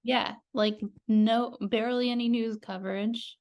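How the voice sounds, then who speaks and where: Woman co-host, fairly high voice, offhand and matter-of-fact podcast chat. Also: steady tone, measured pace, darkish tone.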